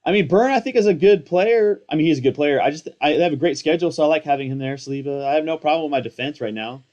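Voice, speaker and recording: A man's voice: on the high side, fast talker, muffled recording. Hyped-up young guy rambling casually. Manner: excitable, rambling, slangy, self-mocking. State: hyped up on coffee. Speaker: fantasy football content creator. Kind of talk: casual live commentary.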